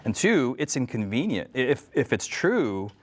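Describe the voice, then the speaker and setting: Male editor co-host, reflective, halting delivery with plenty of fillers. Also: mid-range voice, sing-song. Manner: thoughtful, halting with frequent fillers and restarts. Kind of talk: casual religious discussion.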